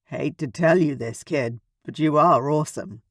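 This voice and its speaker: A man voicing a big, easygoing dragon king who talks to his niece in a gentle, teasing way. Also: fairly high pitch, normal speed, no room sound, clean studio sound.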